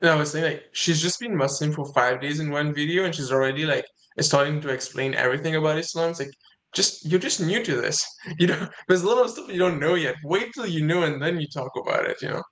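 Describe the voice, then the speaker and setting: A man's voice: a little high, fast talker, fairly bright tone, rough recording. A man co-hosting a casual discussion, chatty and laughing, peppering his talk with "like".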